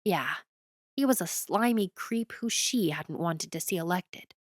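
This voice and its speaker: A woman's voice: fairly low pitch, expressive, measured pace, no echo. Woman narrating an audiobook, dry studio sound.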